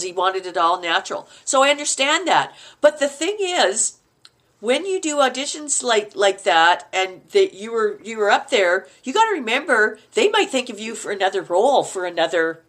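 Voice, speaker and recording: A middle-aged woman from Canada chats as a podcast guest, her voice rising and falling all over as she tells her stories. The tone is bright and forward, set a touch high. She laughs easily and slips into little performances of what people said. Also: moderate pace. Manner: animated, laughs often, acts out quoted lines. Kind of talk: casual interview storytelling.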